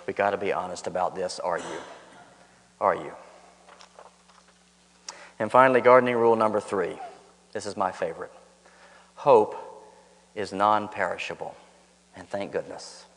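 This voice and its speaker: A man's voice: lowish voice, vocal fry, long reverb tail. A man preaching a sermon in a church, telling stories and driving home points by repeating key lines. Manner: storytelling, emphatic repetition, rises on punchlines. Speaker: pastor. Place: church sanctuary.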